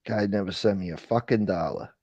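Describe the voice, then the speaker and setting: A man's voice: fairly low pitch, brisk, darkish tone, no echo, highs cut off. A man hosting a casual livestream chat, ranting with profanity and thanking viewers for donations. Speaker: livestream host.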